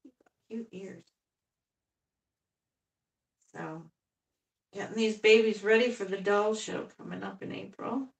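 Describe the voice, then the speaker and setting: Gravelly, chatty grandmother in an echoey room. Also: medium pitch, a little slow, long pauses. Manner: rambling, chatty, laughs often. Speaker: doll artist live-streaming. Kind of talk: casual live stream chat. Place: home room. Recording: echoey room, far from the mic.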